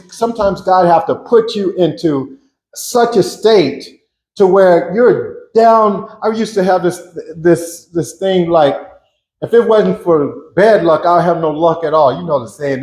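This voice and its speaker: A man's voice: high-pitched, a little mellow, roomy sound. A man giving an emotional church testimony, telling his story earnestly, stumbling over repeated words. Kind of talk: personal testimony.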